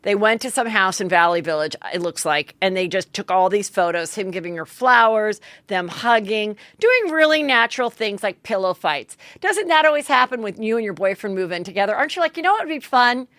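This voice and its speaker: A woman's voice: medium pitch, animated, normal speed, hardly any pauses, fairly bright tone, no echo. Chatty gossip lady recapping a show, does little voices, dead dry sound. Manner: chatty gossipy storytelling, acts out quotes. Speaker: podcast host.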